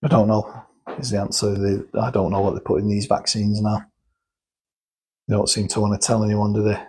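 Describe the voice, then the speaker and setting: A man's voice: lowish voice, level tone, fairly quick, a little mellow, breathy edge, rough recording. A man talking casually and explaining things step by step, thinking aloud and restarting sentences as he goes. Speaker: guest explaining cosmetic chemicals. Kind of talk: casual chat.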